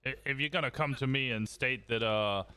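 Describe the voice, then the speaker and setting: A man's voice: mid-range voice, a little fast, bright, forceful tone, smooth, no room sound. A man role-playing a police sergeant, lecturing a cadet in a stern, no-nonsense way during a roleplay game. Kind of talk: role-play game chat.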